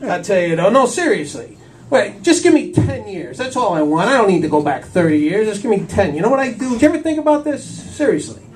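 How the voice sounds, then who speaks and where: A fifty-something comedian does stand-up for a live audience on a small cafe stage, forever slipping "I'll tell you" between jokes. His voice sits high with big pitch swings and moves a little fast. He sounds distant, recorded from across the cafe.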